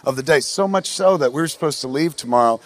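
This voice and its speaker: A man from New Jersey, middle-aged, spins a rambling, profanity-laced story as host of a live podcast. He talks on a theatre stage, slipping into little acted-out quotes of the people he met, with a plain, ordinary pitch that sits right in the middle of the male range. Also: animated, quick pace. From New Jersey, USA.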